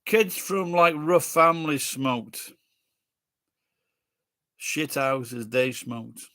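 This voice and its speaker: Speaking extremely slowly in a high-leaning, pushed and bright voice, a Sheffield-accented livestream host in his sixties reads out viewer comments. He chats casually, answers bluntly, and swears freely. The studio sound is clean, with no room sound.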